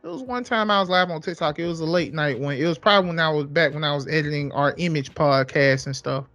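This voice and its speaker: A young man co-hosting a podcast, telling stories in a casual, animated way, swearing freely and repeating himself for emphasis. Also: on the high side, fast, no echo. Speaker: podcast co-host. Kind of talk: casual storytelling chat.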